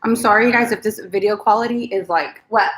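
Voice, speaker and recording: A woman's voice: mid-range voice, steady tone, a little fast, fairly bright tone. A woman hosting her first crochet livestream from home. She talks casually and giggles a lot while eating, through a computer camera mic. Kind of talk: casual live-stream chat.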